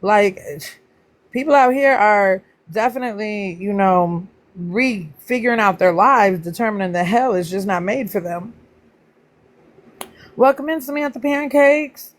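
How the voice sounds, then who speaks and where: A woman chatting casually with viewers on her livestream, greeting them by name and teasing them playfully. Her voice jumps up high whenever she welcomes someone. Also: a little slow. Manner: pitch jumps up high when greeting people. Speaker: livestream host.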